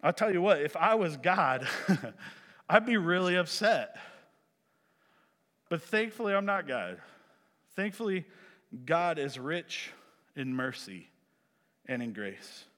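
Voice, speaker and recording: A male preacher giving a sermon, animated, swinging from loud emphasis to hushed lines. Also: a little high, slow pace, long pauses. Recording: echoey hall.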